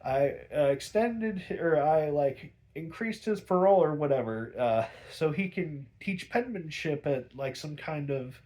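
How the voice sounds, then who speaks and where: A man voicing a polite, unflappable wealthy young gentleman, speaking breezily with hesitations. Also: fairly high pitch, lively intonation, unhurried, few pauses. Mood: hesitant.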